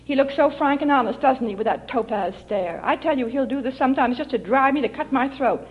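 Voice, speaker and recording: A stern woman scolds and coaxes her fortune-telling cat with sharp impatience, as a woman reading a story puts her on. The voice sits somewhat high. The recording is dull and lo-fi, like old archival tape. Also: brisk, husky. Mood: scolding.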